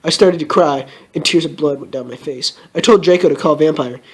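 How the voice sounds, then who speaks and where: A young man giving a comedic, mock-melodramatic reading of a fan story, with shrill put-on outbursts. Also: brisk, a little hiss or hum.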